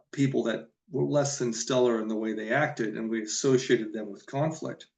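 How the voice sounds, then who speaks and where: A man's voice: mid-range voice, darkish tone. Earnest man explaining in a roomy space. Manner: earnest, emphatic, repeats key points. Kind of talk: explanatory solo talk to camera.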